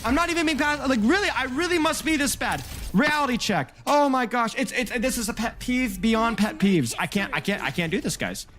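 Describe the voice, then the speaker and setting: A man reviewing gameplay in an exasperated rant, repeating himself and often shouting. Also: very high-pitched, lively intonation, a little fast, hardly any pauses.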